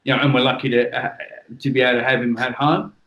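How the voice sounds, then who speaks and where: A blunt, relaxed Australian man from Western Australia who swears freely and talks in an easy, casual way. His voice sits in a middle pitch, and the room gives it a noticeable echo. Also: fast talker. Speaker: guest, former world boxing champion. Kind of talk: casual podcast chat.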